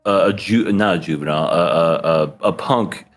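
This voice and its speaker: A man co-hosting a podcast in casual chat, animated and laughing often as he acts out scenes. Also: low voice, normal speed, faint music behind. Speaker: podcast co-host.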